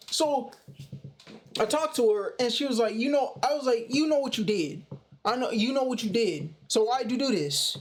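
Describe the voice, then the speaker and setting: A young man casually telling a personal story in a slangy, animated way. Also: sits high, brisk. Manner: slangy, animated retelling with "bro" and "you know". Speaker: storytime vlogger.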